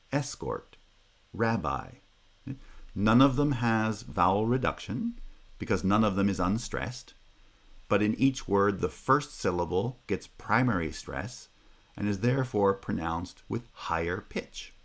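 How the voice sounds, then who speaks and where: A North American man delivers a university lecture in a low, steady voice. He explains patiently, working through examples one by one and pausing with an occasional "uh.". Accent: North American English. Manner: measured, explanatory, pauses with "uh". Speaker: linguistics lecturer.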